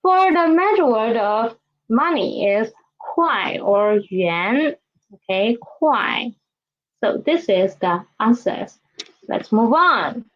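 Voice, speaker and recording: A woman's voice: fairly high pitch, lively intonation, muffled recording. A woman with a Mandarin Chinese accent teaching a language lesson, patiently modeling words for students to repeat. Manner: slow, patient, modeling tones for repetition.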